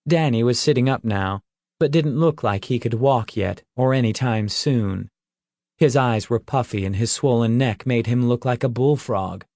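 A man reading a fantasy novel aloud as an audiobook narrator, with measured storytelling. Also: medium pitch, darkish tone, no echo, clean studio sound. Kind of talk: scripted narration.

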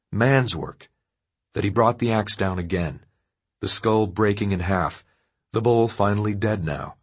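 A male audiobook narrator with a low, husky voice reads dark fiction. His delivery is steady and measured, and it stays even through the grim passages.

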